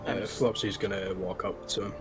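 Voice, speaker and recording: Guy playing a tabletop game, low-ish voice, calm and reassuring, some faint music behind. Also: normal speed. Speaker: player.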